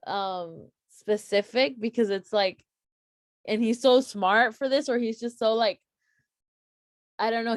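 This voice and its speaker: Young woman, youth Bible study leader, casual earnest talk, filler-heavy, middle pitch, dry sound. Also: no room sound. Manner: earnest, full of "like" fillers and restarts.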